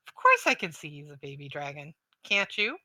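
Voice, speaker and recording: A woman's voice: sits low, big pitch swings, a little fast, pushed and bright, no room sound, voice pushed down, full character voice. A woman voicing a mischievous young fairy boy who talks with scorn and teasing. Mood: playful.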